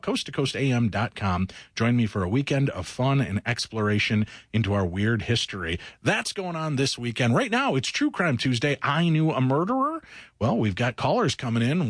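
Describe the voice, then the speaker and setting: A male radio host talking in a studio with a lively, bouncing delivery. His voice is dry and close to the mic, chatty and playful as he fills the air between callers. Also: medium pitch, normal speed, no echo. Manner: lively, chatty, jokey promos. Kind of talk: late-night radio talk show.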